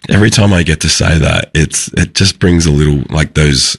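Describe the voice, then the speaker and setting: A young Australian man with a husky, gravelly voice, a podcast guest talking earnestly and haltingly in an interview. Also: rumbling low, no room sound, clean studio sound. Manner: halting, restarts phrases, earnest. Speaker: podcast guest, former footballer. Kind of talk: candid interview talk.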